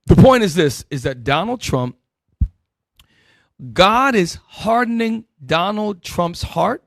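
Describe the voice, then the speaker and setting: Emphatic Bible teacher, dry close sound. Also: male voice, expressive, takes it slowly, gravelly, dry recording. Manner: emphatic, swinging between loud bursts and low asides; calls out verses and directs helpers. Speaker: Bible teacher leading the class. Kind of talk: street-style Bible teaching sermon.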